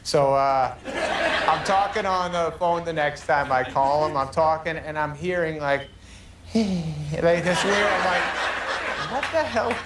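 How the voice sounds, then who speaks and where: A man's voice: a little high, measured pace. A man telling funny stories as a talk show guest, laughing and acting out what others said. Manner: laughing storyteller, acts out quotes in funny voices. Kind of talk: casual anecdote telling. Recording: roomy and distant with audience noise.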